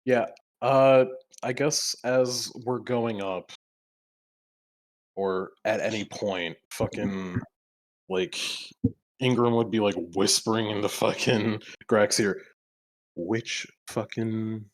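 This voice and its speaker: A man chats through a tabletop game in a rambling, profane, joking way. His voice sits on the low side. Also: slow pace, pauses often. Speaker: player. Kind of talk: casual tabletop game chat.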